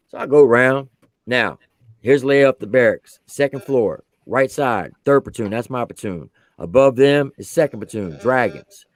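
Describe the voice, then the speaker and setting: A man's voice: medium pitch, normal speed, dry recording. A man, an army veteran who served as a drill sergeant, telling a story on a podcast in casual slang and acting out the quotes.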